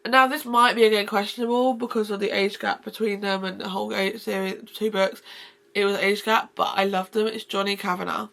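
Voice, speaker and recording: Casual woman book vlogger: effusive, rambling, fry-heavy delivery. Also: medium pitch, fairly even intonation, a little fast, fairly bright tone. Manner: gushing and effusive, rambling with restarts. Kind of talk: casual book-review vlog.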